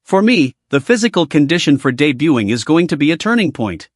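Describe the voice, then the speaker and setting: A man voicing an upbeat teenage football prodigy in a storybook recap, lifted a little in pitch and bouncing up and down as he speaks. The delivery stays plain and read-aloud. The sound is close and dry. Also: big pitch swings, fairly quick, no room sound.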